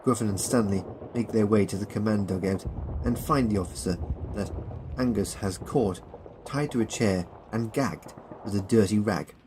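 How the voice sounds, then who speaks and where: Low-voiced man narrating a war audiobook. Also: normal speed, noisy background. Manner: reads all parts, lifting pitch and volume for quoted lines. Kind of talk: scripted narration with voiced characters.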